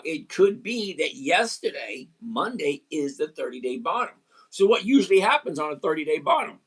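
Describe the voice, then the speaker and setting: A man hosting a casual trading livestream, hoarse after singing, chatting, greeting viewers and explaining step by step. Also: on the high side. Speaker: livestream host.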